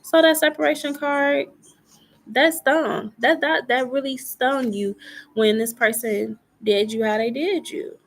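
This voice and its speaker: Gravelly-voiced woman giving a tarot reading. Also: sits high, fairly even intonation, unhurried. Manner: chatty, repeats phrases, many fillers. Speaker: tarot reader.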